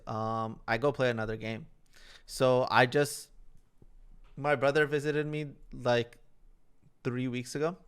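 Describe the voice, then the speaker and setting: A man's voice: mid-range voice, fairly bright tone, clear, resonant tone. A young man co-hosting a podcast, telling stories in a rambling, casual way full of fillers. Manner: rambling, filler-heavy storytelling. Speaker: podcast co-host. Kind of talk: casual chat.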